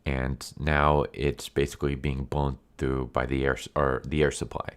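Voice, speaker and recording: A man with an extremely deep, low voice talks through a movie's plot in a loose, casual recap. He rambles, leaning on 'like' and 'um' as he goes. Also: level tone, moderate pace, clean tone. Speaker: anime movie reviewer.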